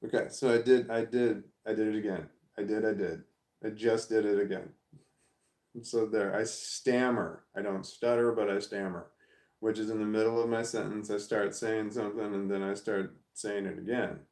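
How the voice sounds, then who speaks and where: A man's voice: on the low side, fairly even intonation, moderate pace, darkish tone, roomy sound. A man chatting casually on a live stream, reading comments aloud and answering them, who stammers and repeats words as he searches for what to say. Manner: rambling, thinks aloud. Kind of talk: casual chat.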